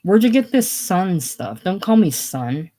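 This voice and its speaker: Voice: medium pitch, very animated, unhurried, warm tone. A solo reader voicing a prideful, defensive man who snaps at the people around him in a casual play reading. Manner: defensive, snappish. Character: touchy, prideful shaken man.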